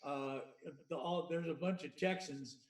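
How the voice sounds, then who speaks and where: A man's voice: on the high side, measured pace. A man co-hosting a casual podcast, musing and rambling with stammered repeats. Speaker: podcast co-host. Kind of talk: casual chat. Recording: echoey room, far from the mic.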